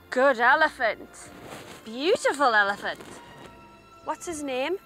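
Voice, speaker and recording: A young woman with a Northeast English accent gushes and squeals through a reality travel segment, her voice pitched very high and bright. She stretches her words slowly and gets emotional easily. Light music plays beneath her outdoors. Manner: gushing, squealing with excitement, emotional. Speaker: reality TV presenter. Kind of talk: excitable travel vlog chat.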